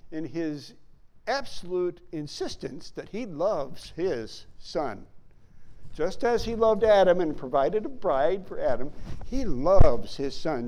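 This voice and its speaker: A man teaching a sermon who reads scripture aloud and slows down to stress key words. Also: a little high, a little mellow. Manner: reads King James verses aloud. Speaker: Bible teacher.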